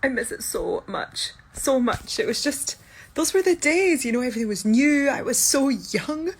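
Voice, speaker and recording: A woman with a Scottish accent answers fan questions in a loose, chatty way. She sounds half asleep and low on energy, like a bedtime chat. She is talking from inside a room. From Scotland. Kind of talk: casual Q&A chat. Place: indoor room during quarantine.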